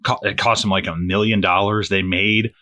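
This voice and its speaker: Lowish-voiced dude from the us, rambling and cussing about a movie, laughs a lot. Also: male voice, moderate pace. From United States. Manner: animated, swearing, laughs often, slips into loud impressions. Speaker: podcast co-host. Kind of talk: casual movie-review chat.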